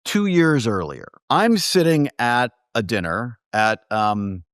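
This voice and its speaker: Man, film producer guest, animated storytelling, mid-pitched voice, dry close sound. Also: slow, clean tone, no echo. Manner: animated anecdotes with quoted dialogue. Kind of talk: casual storytelling interview.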